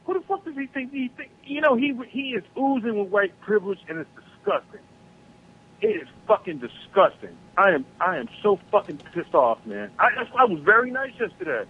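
A man calling in by phone, ranting with heavy profanity about politics in a heated, animated way. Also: high voice, brisk, slightly rough. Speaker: caller. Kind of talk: angry political rant on a call-in show. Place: South Carolina. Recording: tinny phone line.

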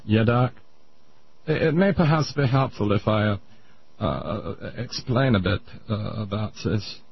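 Man doing a smug old Viennese shrink, mock-German accent, lecturing, husky, muffled radio sound. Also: fairly low pitch, a little slow, pitched below the performer's own voice, heavily acted. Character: pompous older male Viennese psychiatrist. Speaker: comedy sketch character. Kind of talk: radio comedy bit.

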